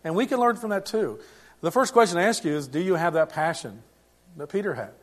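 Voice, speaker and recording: A middle-aged man preaching a sermon as pastor, in a conversational way with frequent restarts and swings in loudness. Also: on the high side, expressive, a little fast.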